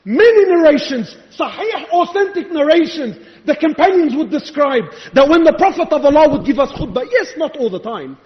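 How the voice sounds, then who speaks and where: A man's voice: very high-pitched, lively intonation, moderate pace, hardly any pauses. A male preacher giving an impassioned, rhetorical sermon, challenging his listeners. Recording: echoey hall, dull lo-fi sound.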